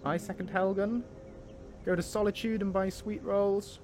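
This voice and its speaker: A man's voice: high voice, steady tone, moderate pace, a little mellow, faint music behind. A man casually narrating and thinking aloud while playing a game, with fillers and self-corrections.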